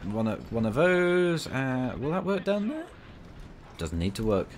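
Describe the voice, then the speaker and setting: A man giving excitable, casual commentary over a tank game, bantering at enemies with mock outrage. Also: medium pitch, measured pace, noisy background. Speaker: gaming video creator.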